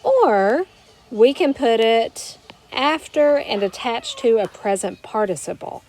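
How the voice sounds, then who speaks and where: A woman teaching a Spanish grammar lesson to her students, explaining step by step and slowing down to model each Spanish word. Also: a little high, lively intonation, darkish tone, slight background noise. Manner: patient, explanatory, slows down to model Spanish words. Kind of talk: recorded classroom grammar lesson.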